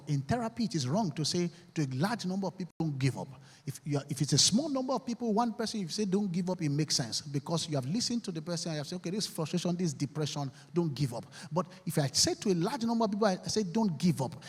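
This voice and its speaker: A man's voice: a little high, husky. A man giving a rousing, preacherly motivational speech to a university audience. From Nigeria. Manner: preacherly, leads call-and-response affirmations. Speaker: motivational speaker. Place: large university auditorium. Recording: echoey hall with long reverb.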